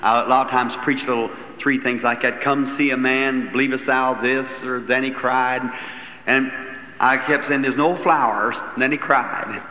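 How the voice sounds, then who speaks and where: A man's voice: mid-range voice, steady tone, moderate pace. Folksy preacher man in an echoey hall. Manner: folksy, chuckling storyteller acting out dialogue. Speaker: evangelist preacher. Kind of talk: sermon storytelling. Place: church meeting hall. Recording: roomy hall, lo-fi old tape, faint hiss.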